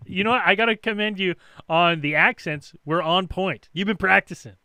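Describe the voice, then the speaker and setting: A man's voice: high voice, normal speed, pushed and bright, clean tone, dry recording. A man hosting a call-in podcast, talking in an upbeat, chatty way. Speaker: host. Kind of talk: casual chat.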